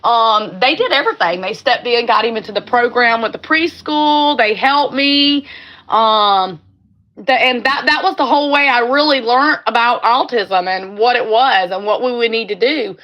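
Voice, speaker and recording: A woman's voice: a little high, normal speed, dull audio. A middle-aged woman from California hosting a casual livestream chat, talking in a heartfelt, rambling way and repeating her phrases. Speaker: livestream host.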